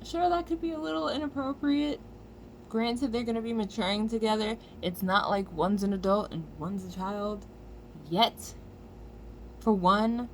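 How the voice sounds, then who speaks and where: An American woman vlogger delivering a heated, profane commentary rant with loud outbursts. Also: fairly high pitch, measured pace, slight background noise.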